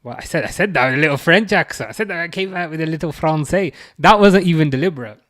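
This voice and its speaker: An English man chats casually on a live football watchalong stream, reading viewer messages aloud and teasing the people who sent them. His voice sits on the high side and sounds a bit bright, with lively intonation and a fast pace.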